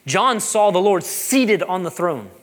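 A man, a pastor preaching a sermon, animated and joking, repeating phrases for emphasis. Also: high voice, measured pace.

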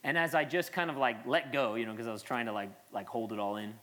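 A man's voice: mid-range voice, steady tone, fast, fairly bright tone. A man in his late thirties, a pastor preaching an earnest, conversational sermon with frequent restarts and asides.

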